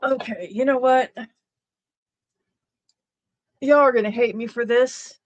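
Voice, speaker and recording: Stream host, woman, slightly high, slow and blunt, muffled lo-fi audio. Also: fairly even intonation. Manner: laid-back, unhurried, blunt. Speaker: livestream host. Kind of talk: casual stream commentary.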